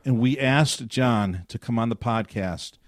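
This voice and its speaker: Older man, church podcast co-host, casual storytelling, joking, mid pitch, dry close mic. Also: unhurried, no room sound.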